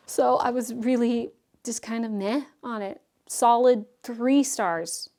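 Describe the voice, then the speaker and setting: A young woman talking casually and excitably as a book vlogger, reviewing what she read, with many asides and fillers. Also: fairly high pitch, slow.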